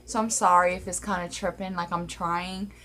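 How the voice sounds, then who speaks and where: A woman's voice: lowish voice, fairly even intonation, normal speed, sharp tone. Chatty woman vlogging on a phone. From Louisiana, USA. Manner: chatty, rambling with many fillers. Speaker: paranormal vlogger. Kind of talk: casual storytelling vlog. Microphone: phone camera.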